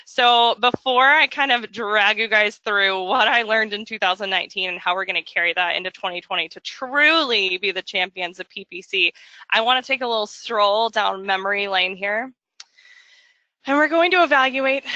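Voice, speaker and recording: A woman presenting a marketing webinar in a jokey, chatty way, slipping into quick voices for asides. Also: medium pitch, bright, forceful tone, dry recording. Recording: dull, dry lo-fi audio.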